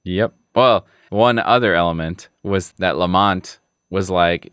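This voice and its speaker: A man co-hosting a podcast in casual chat, making wry, deadpan asides. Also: low-pitched, measured pace, clear, resonant tone, no echo, clean studio sound. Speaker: podcast co-host.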